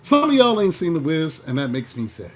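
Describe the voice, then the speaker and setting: A man with a slightly raised voice reads tarot cards in a casual, playful manner. He teases the listener and throws in jokey asides and quick mocking voices. Faint music plays underneath. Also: a little high, huge pitch swings. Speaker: tarot reader.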